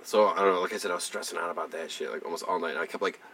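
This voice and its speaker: A young man co-hosting a podcast, chatting casually with rambling, profane, animated storytelling. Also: sits low, very fast, husky, distant mic. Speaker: podcast co-host. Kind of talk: casual chat.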